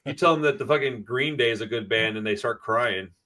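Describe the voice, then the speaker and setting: A man's voice: mid-range voice, a little fast, bright, forceful tone, slight background noise. A man in casual podcast chat, rambling and swearing freely as he tells stories. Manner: profane, rambling storyteller.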